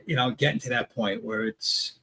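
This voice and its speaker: A man hosting a conversational interview, animated and quick to laugh, sometimes searching for his words. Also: mid-range voice, vocal fry, slight background noise. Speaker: host.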